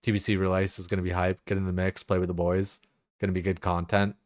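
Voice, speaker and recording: A man's voice: low-pitched, level tone, fast talker, no room sound, clean studio sound. A man streaming games, rambling casually with lots of fillers and swearing. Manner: rambling, profane, filler-heavy. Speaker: game streamer.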